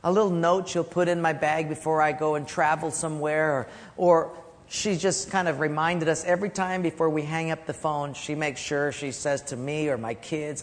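Pastor in a reverberant church hall. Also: male voice, fairly high pitch, steady tone, moderate pace. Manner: storytelling, drops to a soft hush for key points. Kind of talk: sermon. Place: church sanctuary.

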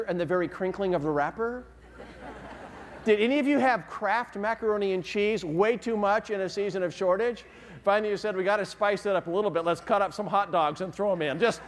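A man preaching a sermon as a pastor, telling the story with animated asides and questions to the congregation. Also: sits high, slight background noise. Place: church sanctuary. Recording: long reverb of a large hall.

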